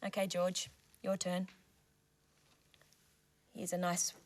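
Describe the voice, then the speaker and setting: Slow, gentle woman presenter for kids. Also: medium pitch, fairly even intonation. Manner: slow, soft and questioning, playing with toy animals. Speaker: children's TV presenter. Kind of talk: gentle playful presenting to young children.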